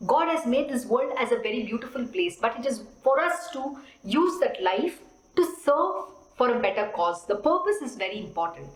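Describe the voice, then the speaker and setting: A woman spiritual teacher giving a devotional discourse, expressive and full of rhetorical questions. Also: on the high side, moderate pace. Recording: roomy echo.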